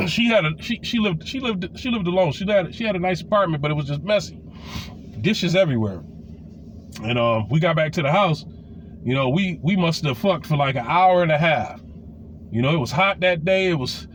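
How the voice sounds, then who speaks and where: In a casual storytime monologue, a fortyish man recounts a bawdy personal anecdote, swearing freely and stumbling through fillers and false starts. His pitch is high for a male and leaps around as his energy rises, with light background hiss underneath.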